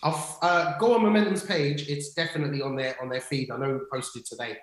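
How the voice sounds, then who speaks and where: A man's voice: fairly high pitch, fairly even intonation, fast. A man co-hosting a livestream, telling stories in casual chat, full of restarts and fillers. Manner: chatty storyteller, many restarts and fillers. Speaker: livestream co-host. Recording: roomy echo.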